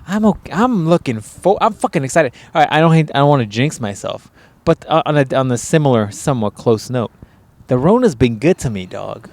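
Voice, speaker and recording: A man's voice: mid-range voice, sing-song, a little fast. A man co-hosting a casual podcast, ranting with lots of swearing and mocking people in put-on voices. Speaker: podcast co-host. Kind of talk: crude casual chat.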